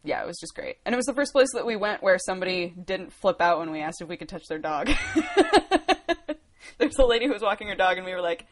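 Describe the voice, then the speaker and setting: An American woman in her twenties hosts a livestream, speaking briskly in a sing-song, mid-range voice. She laughs and rambles while fielding questions from viewers.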